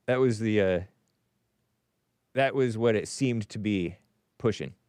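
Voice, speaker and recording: Male stream host, unhurried, clear and resonant, dry close sound, chuckling opinionated asides over viewer comments. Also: lowish voice, darkish tone, dry recording. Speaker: show host. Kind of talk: casual livestream commentary, reading viewer comments aloud.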